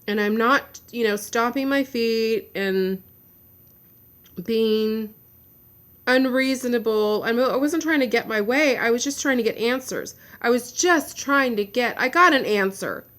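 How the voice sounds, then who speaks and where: A woman's voice: fairly high pitch, unhurried, a bit bright. Woman venting in a frustrated rant. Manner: blunt, swears. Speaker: vlogger. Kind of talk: personal video update.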